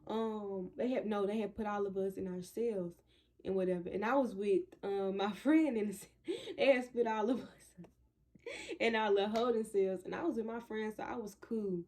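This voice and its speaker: A woman's voice: medium pitch, normal speed. Chatty young woman telling a story. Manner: animated, talks straight to viewers; chatty, loose retelling with restarts. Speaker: vlogger. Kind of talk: casual storytime.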